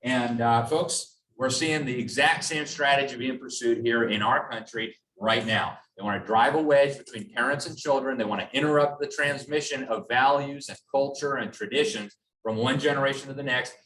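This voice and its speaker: A man's voice: medium pitch, moderate pace, fairly bright tone, recorded from a distance. Man lecturing in an echoey hall. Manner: emphatic, sarcastic. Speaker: speaker at a public talk. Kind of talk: public lecture with slides. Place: hall with an audience.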